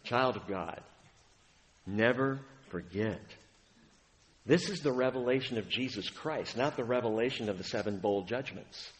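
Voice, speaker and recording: A man preaching a sermon as pastor, dramatic and swinging from booming lines to hushed ones. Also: expressive, a little slow, long reverb tail.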